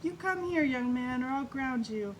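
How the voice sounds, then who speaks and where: A woman's voice: high voice, animated, moderate pace, voice pushed up. A woman voicing a stern, fussy aunt who scolds and threatens grounding, read from a storybook over a noisy recording. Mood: scolding. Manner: scolding, yelling.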